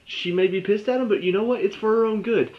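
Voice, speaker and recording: A man's voice: high voice, quick pace, muffled recording, a little hiss or hum. A young man reviewing a TV episode in an exasperated, sarcastic rant, mocking the characters in quoted voices. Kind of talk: ranting video review.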